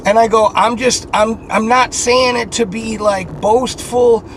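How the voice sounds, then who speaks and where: A man's voice: extremely high pitch, fairly even intonation, measured pace, a little hiss or hum. A man telling a candid story about his own life, frank and heavily profane, agitated, with many fillers and sighs.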